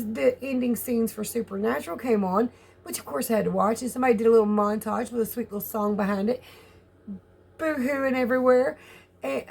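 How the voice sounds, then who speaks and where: An older woman with a Southern US accent talks straight to her viewers in a loose, rambling vlog. Her fairly high voice has a gravelly, husky edge. She is candid and chatty, laughs easily and drops a casual curse now and then. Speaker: vlogger.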